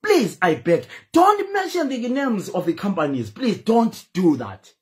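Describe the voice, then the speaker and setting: A man's voice: sits high, sing-song, measured pace. A Zimbabwean man hosting a live stream, pleading and emphatic as he speaks. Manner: pleading, emphatic, switches between English and Shona. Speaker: host. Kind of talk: impassioned live-stream talk.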